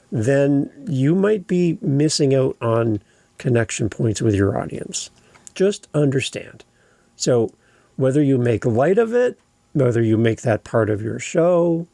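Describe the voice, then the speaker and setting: A Canadian man hosts a podcast in a relaxed, opinionated chat. His voice is gravelly and husky, with a dark, mellow tone. The recording is dry and close. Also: mid-range voice, no echo. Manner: conversational, opinionated. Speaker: podcast host. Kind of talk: casual podcast talk.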